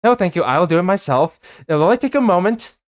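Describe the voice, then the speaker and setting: A reader voicing a polite, refined young female school leader while reading a game story aloud, with formal, gentle speech. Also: medium pitch, animated, fast talker, close to an everyday voice. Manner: courteous, formal, gentle hostess talk.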